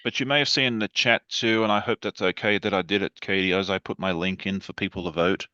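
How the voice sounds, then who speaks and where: A man's voice: deep voice, steady tone, quick pace, sharp tone, clean tone, dry recording, lo-fi sound. A man chatting as a guest on a livestream over a video call, enthusiastic and rambling. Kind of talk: casual livestream chat.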